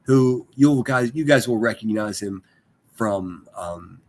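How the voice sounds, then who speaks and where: A man's voice: fairly low pitch, lively intonation, takes it slowly, a little mellow. A man chatting casually on a live stream, rambling and swearing, full of fillers and restarts. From Pittsburgh area.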